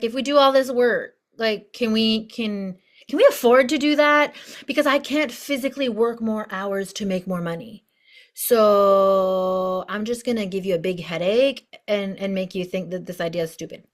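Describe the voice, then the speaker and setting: A woman voicing her worn-out physical body, complaining in a tired, flat way. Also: medium pitch, lightly acted.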